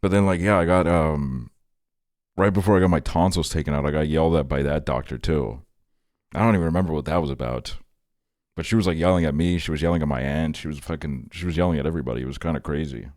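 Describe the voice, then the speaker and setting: A man's voice: a bass voice, fast, darkish tone, no room sound, clean studio sound. A young man streaming, chatting casually with his viewers in a rambling, profane way, leaning on "like" as filler. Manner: reads and answers chat messages. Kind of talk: casual livestream chat.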